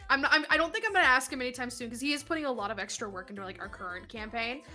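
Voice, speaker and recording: A woman's voice: on the high side, rapid-fire, bright, forceful tone, faint music behind. A woman joining the stream as a friend, chatting casually and enthusiastically, swearing freely. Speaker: guest friend on call. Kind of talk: casual chat. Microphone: voice call.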